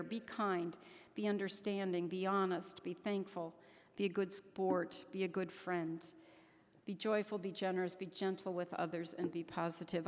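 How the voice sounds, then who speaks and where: An older woman, a grandmother, giving an earnest, heartfelt speech to a conference audience, sometimes stopping and restarting her sentences. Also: lowish voice. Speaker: keynote speaker at a conference. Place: large conference hall. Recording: long hall reverb.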